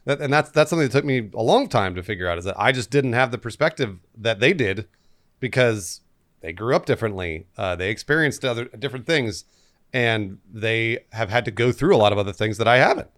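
A man's voice: medium pitch, animated, a little fast, a bit bright. A man chatting on a podcast in a reflective way, repeating words as he thinks. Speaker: podcast co-host. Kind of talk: casual chat.

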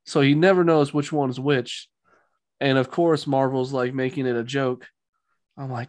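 A man talking casually as a podcast co-host, rambling through his opinions and mocking what he dislikes. His voice sits at an ordinary pitch. The sound is dry, with no room echo. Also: steady tone, unhurried, a little mellow. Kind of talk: casual chat.

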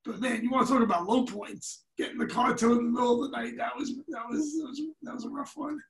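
A man's voice: extremely high pitch, fast, creaky, recorded from a distance. A man, a podcast guest telling stories in a loose, profane, laughing way. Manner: profane, laughing, animated storyteller. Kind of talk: casual storytelling. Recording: echoey room, set back from the mic.

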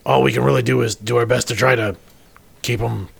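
A man playing a wary male starship crewman in a tabletop role-play, talking in a halting way with many stammers and restarts. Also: medium pitch, steady tone, creaky, fairly bright tone, breathy edge, no echo, full character voice. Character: wary male starship crewman, private about his mother.

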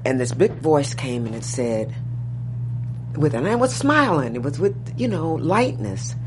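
A woman guest spins stories with blunt profanity, sliding from low, murmured asides to loud, lively exclaims. Her voice sits at a middling pitch. A steady hum runs underneath the recording. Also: moderate pace. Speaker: interview guest. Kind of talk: storytelling in conversation.

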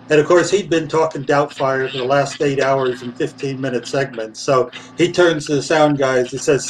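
A man, a puppeteer guest, telling a lively anecdote and acting out the voices of the people in it, laughing now and then. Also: fairly high pitch, normal speed, distant mic, slight background noise, poor audio. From England. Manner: lively storyteller, acts out voices, laughs often.

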